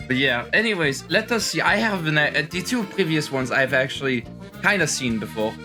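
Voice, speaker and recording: A young streamer with a somewhat high voice does comedic reaction commentary in a put-on French accent that drifts toward American. He sounds tired and exaggerated, expressive at a normal speed, stammering through restarts and crude asides over background music.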